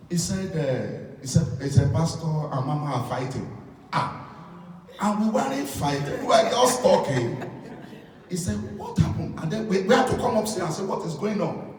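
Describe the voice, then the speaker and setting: Pastor preaching in an echoey hall. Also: male voice, mid-range voice, dark tone, a little hiss or hum. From Nigeria. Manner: storytelling, repeats phrases for emphasis. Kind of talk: sermon. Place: church hall. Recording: echoey church hall from far off.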